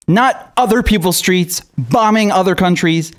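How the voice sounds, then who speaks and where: High-voiced man ranting with exasperation. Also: lively intonation, normal speed. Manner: profane, exasperated, sarcastic. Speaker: political commentator. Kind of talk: angry ranting commentary.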